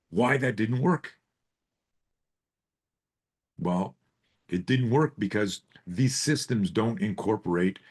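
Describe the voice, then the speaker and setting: This self-defense coach has a fairly low voice with a breathy edge. On a live group video call, he spins animated, profane stories and keeps throwing out rhetorical questions.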